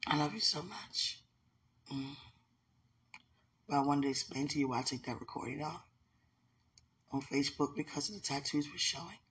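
A woman's voice: sits low, fairly even intonation, normal speed, long pauses, fairly bright tone, slight background noise. A woman in an intimate, casual call with her partner, affectionate and laughing often as she talks about faith.

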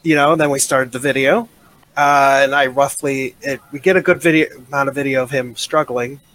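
A man's voice: medium pitch, fairly even intonation, normal speed, a bit bright. A man speaking as a podcast guest, telling stories casually with jokes and frequent laughs. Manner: jokey, laughs a lot while telling stories. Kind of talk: casual chat.

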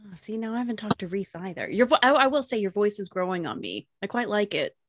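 A woman's voice: mid-range voice, very animated, quick pace, no room sound, clean studio sound. A woman co-hosting a podcast, blunt and teasing in casual chat. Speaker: podcast co-host.

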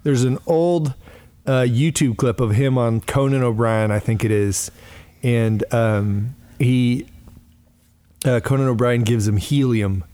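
A man's voice: mid-range voice, slow pace, warm tone. A man co-hosting a podcast, chatting casually and joking with a lot of laughter. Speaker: podcast co-host. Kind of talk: casual chat. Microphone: podcast mic.

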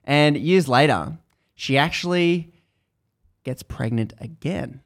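Podcast guy rambling through a book recap, gravelly voice, lots of um and like. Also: a little high, slow. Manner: loose, rambling, many restarts and fillers. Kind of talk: casual storytelling, retelling a book.

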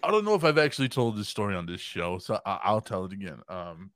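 A man's voice: fairly low pitch, very animated, fast talker, fairly bright tone, dry recording, clean studio sound. A man in his twenties telling a story on a podcast, laughing often, swearing freely and acting out what other people said. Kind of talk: casual storytelling chat.

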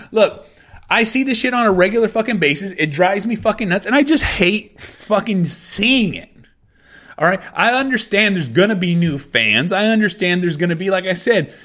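A middle-aged man with a high-pitched voice rants on his own podcast. He is angry and swears in nearly every sentence, circling back to the same complaints again and again. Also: a bit bright. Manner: angry, swearing constantly, repeating himself. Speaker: podcast host. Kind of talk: profane solo rant.

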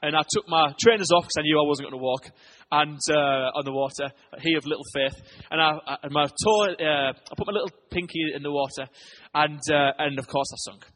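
High-voiced pastor preaching. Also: male voice, a little fast, slight background noise. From England. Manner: energetic, storytelling, stumbles and repeats words. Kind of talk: sermon.

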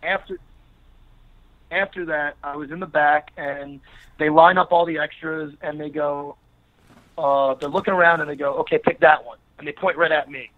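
Man, wrestler guest, higher voice, tinny phone line, acts out quoted people in his story. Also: fairly even intonation, normal speed. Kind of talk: casual storytelling interview.

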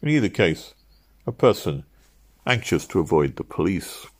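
Deep-voiced man reading an audiobook. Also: sing-song, normal speed. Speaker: narrator.

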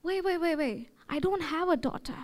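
A woman's voice: very high voice, lively intonation, moderate pace. A woman with an Indian English accent voicing a panicked young man in a sermon joke. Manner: exclaiming, frantic.

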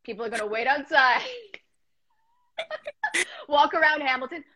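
A young woman hosting a casual chat, telling stories in a rambling, animated way with lots of restarts. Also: high-pitched, a little slow, crowd noise. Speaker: podcast host. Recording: dull lo-fi audio.

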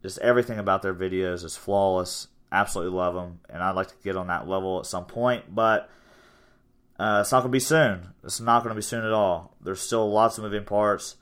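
The gym owner hosting this casual podcast is a young man in his twenties whose deep, fairly bright voice runs a little fast. He rambles upbeat about his gym and promotes himself along the way.

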